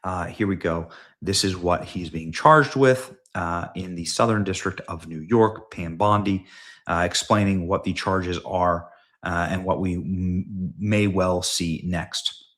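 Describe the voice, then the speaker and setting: A man hosting a live political commentary stream from home, talking in a fired-up, emphatic way with sudden loud, high outbursts. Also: unhurried.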